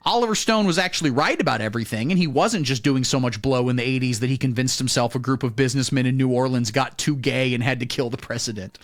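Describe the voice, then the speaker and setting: A man delivering a satirical comedy monologue in a mock-serious, deadpan way, breaking into loud announcements. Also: mid-range voice, fast talker, few pauses. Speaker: comedy streamer.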